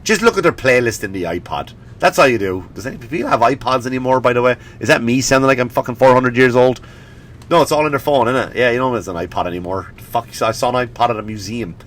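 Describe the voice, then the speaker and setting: Animated, swearing man ranting on a comedy podcast. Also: medium pitch, fast. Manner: animated, profane, mocking impressions. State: sniffly. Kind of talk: comedic rant.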